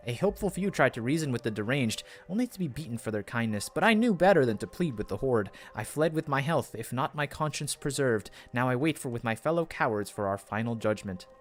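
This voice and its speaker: A man's voice: medium pitch, lively intonation, a little fast, few pauses, natural voice. A man reading game dialogue aloud, voicing a weary male imperial refugee who talks like a melancholy poet in archaic phrasing. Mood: grim.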